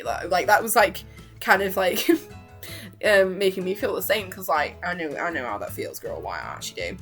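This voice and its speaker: A woman's voice: medium pitch, lively intonation, fairly quick, a bit bright, breathy edge, faint music behind. A young woman vlogger chatting casually and rambling, gushing and giggling as she acts out quotes. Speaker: reaction vlogger.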